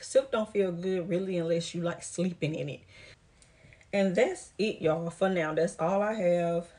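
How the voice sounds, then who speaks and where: A woman from the United States talks through a casual try-on haul vlog, a little out of breath as she goes. Her voice sits low for a woman. She chats straight at her viewers and calls them "y'all" and "girl.". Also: dark tone. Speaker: vlogger.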